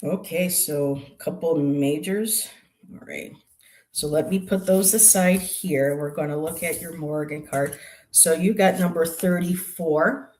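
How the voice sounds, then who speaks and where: Slow, musing tarot reader. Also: medium pitch, steady tone, darkish tone. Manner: musing, hesitant, many ums and restarts; explains card meanings aloud. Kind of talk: live tarot reading.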